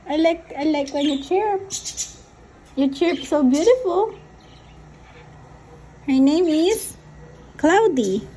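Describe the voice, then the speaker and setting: A woman talking to her pet parakeet in slow, sing-song baby talk, coaxing it with drawn-out greetings. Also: extremely high pitch, lively intonation, mellow, slight background noise. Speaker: pet owner.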